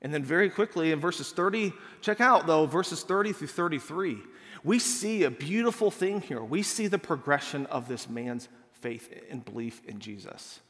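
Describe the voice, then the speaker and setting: A man's voice: fairly high pitch, moderate pace. Man preaching casually in a reverberant hall. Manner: casual, animated, acts out quotes and says "like" a lot. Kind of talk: conversational sermon.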